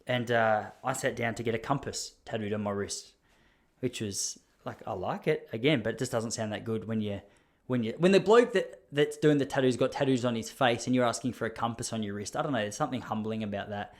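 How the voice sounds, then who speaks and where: A man's voice: mid-range voice, brisk. An Australian man hosting a podcast, telling a rambling, self-deprecating story and often laughing. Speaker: podcast host. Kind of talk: casual storytelling monologue.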